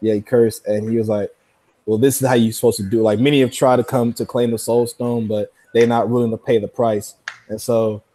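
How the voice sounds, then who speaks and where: A man co-hosting a podcast in casual chat, retelling scenes excitedly with frequent laughter and slangy talk. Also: mid-range voice, fairly quick. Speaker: podcast co-host.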